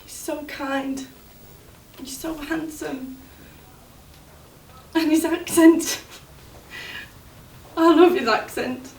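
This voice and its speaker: An actress playing a young woman grieving for her injured fiancé, speaking in a halting, tearful stage monologue. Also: high-pitched. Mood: tender. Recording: roomy, distant mic, faint noise.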